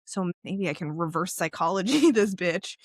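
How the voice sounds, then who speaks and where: A woman's voice: lowish voice, expressive, moderate pace, no room sound, studio quality. A woman co-hosting a podcast in casual chat, candid and laughing often, swearing freely. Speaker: podcast co-host.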